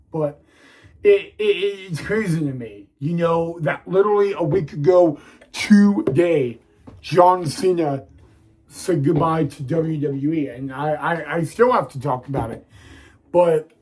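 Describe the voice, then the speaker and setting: A young man hosting a wrestling vlog, talking haltingly to viewers with many restarts and near tears. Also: a little high, a little mellow, rough recording. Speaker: wrestling video host. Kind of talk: casual vlog talk to viewers.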